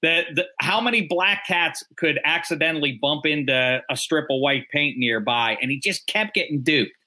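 Sports radio guy, kinda high bright voice, rambles on about football. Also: moderate pace. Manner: rambling, joking asides. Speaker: radio sports show co-host. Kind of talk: casual sports chat.

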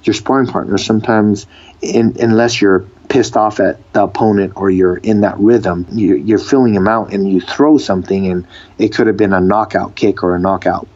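Husky low-voiced man, lively storyteller. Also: moderate pace, lo-fi sound. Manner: animated, re-enacts dialogue, frequent restarts. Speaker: guest, fighter and actor. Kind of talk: casual storytelling interview.

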